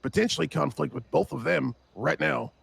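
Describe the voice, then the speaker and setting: A man's voice: a little high, normal speed, vocal fry, fairly bright tone, breathy edge, dry recording. A man speaking in character in a gang roleplay, urgent and insistent, swearing often and pressing his point.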